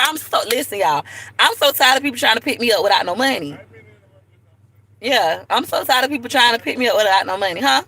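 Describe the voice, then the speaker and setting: A young woman from Tampa chatting casually to viewers on a live video from her car, lively and direct. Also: fairly high pitch, a little fast, low-quality recording. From Tampa, Florida. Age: young adult. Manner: chatty, animated, talks straight to viewers. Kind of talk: casual livestream chat. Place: in a car at a park. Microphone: phone camera.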